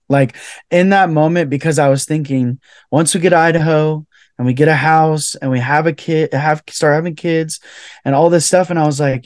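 Young man, podcast guest, earnest testimony, lightly raised pitch, dry close sound. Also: normal speed, darkish tone, no room sound. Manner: heartfelt, fills speech with "like". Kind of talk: earnest personal testimony in conversation.

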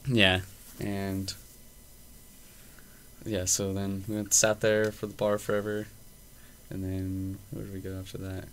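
A young man with a slightly low voice tells a bar story for his podcast in a loose, profane ramble. Faint noise hums under the recording. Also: monotone, a little slow, long pauses, fairly bright tone. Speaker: podcast host. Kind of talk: casual chat.

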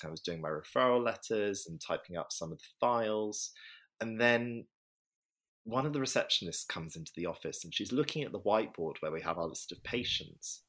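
Deep husky guy, a vet telling a story earnestly, acts out what people said. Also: bright, forceful tone. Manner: earnest, reflective, acts out quoted voices. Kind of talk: casual storytelling interview.

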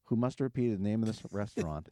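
A middle-aged man hosting a casual podcast. He tells stories in an animated way and is quick to laugh. His voice is mellow and warm, recorded dry and close to the mic. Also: on the low side, dry recording. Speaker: podcast host.

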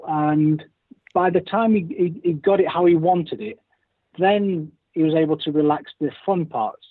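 A man with a husky, slightly raised voice, chatting casually and stumbling over repeated words as he goes. His voice comes through a dry, tinny, phone-like line. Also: fairly high pitch, measured pace, no room sound. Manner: hesitant, restarts and repeats words. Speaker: guest, former racer. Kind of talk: casual chat.

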